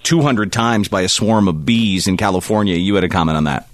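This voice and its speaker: A man's voice: sits low, brisk. A man hosting a morning radio show, taking calls and reading listener messages. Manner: takes calls, reads listener messages aloud. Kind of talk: casual radio banter.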